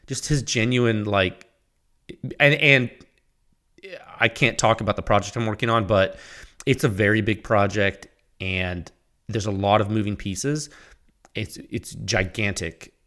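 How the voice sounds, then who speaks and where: A man's voice: fairly low pitch, fairly even intonation, a little slow, pauses often, fairly bright tone. A man hosting his own podcast, talking casually and rambling, laughing at himself as he reads his own sponsor plug. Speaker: podcast host. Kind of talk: casual solo podcast talk.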